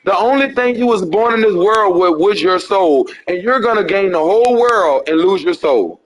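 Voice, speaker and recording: Male preacher, high register, insistent and repetitive, addresses a caller directly. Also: lively intonation, moderate pace, low-quality recording.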